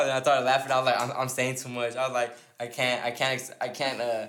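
Fast-talking man telling a rambling story. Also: medium pitch, little pitch movement, fairly bright tone, echoey room. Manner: rambling storyteller, many restarts and laughs. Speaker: podcast host. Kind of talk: casual podcast chat.

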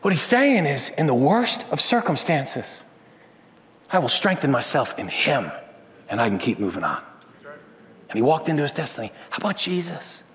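Animated male pastor in a reverberant hall. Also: a little high, moderate pace. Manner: animated, swings from loud to hushed. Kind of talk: sermon. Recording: long reverb of a large hall.

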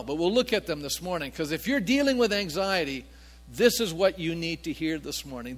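A male pastor with a high, slightly bright voice preaches a sermon with long hall reverb. He is emphatic and fills it with rhetorical questions to his congregation.

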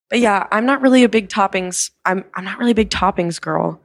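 A woman's voice: medium pitch, fairly quick, few pauses. A young woman hosting a podcast, telling stories in a rambling, casual way with many fillers and casual swearing. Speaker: podcast host. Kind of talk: casual storytelling chat.

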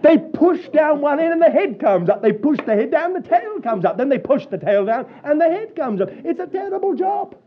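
A man preaching a sermon, telling stories with a chuckle in an animated way. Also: very high voice, moderate pace, hardly any pauses. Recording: dull lo-fi sound.

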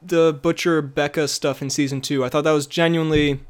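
A man with a slightly higher voice, chatting loosely as a podcast co-host. He rambles through his thoughts with plenty of fillers and keeps breaking into laughter. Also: level tone, fairly quick, smooth. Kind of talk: casual chat.

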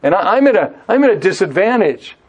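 A man preaches a sermon that teaches through a Bible passage, deliberately drawing out key words for emphasis and often rephrasing himself mid-thought. His voice is high, with big pitch swings and a breathy edge.

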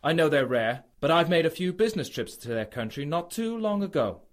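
A man playing a calm, self-assured amateur detective in a comedy radio drama, explaining his deductions. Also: on the high side, fairly quick, lightly acted. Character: smug amateur sleuth man.

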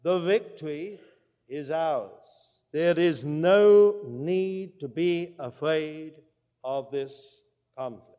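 Emphatic high-voiced male preacher. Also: slow pace, clear, resonant tone, in a large hall, lo-fi sound. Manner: emphatic, swings from loud declaration to low asides. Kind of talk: sermon.

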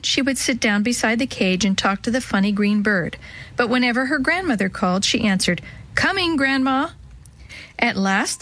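A woman reading a children's story aloud in a gentle, expressive way, giving each character a voice. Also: fairly high pitch, poor audio.

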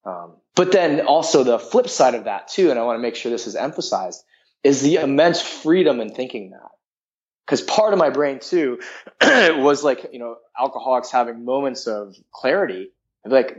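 A man's voice: medium pitch, expressive, normal speed. Rambling man with a dull lo-fi sound. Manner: rambling, frank, heavy use of filler words. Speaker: guest. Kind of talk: candid personal storytelling.

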